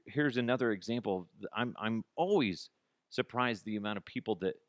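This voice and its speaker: A man's voice: on the low side, no echo, dull audio. A man hosting his own podcast, ranting in a blunt, mocking way with lots of restarts. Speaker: podcast host. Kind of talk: casual solo podcast rant.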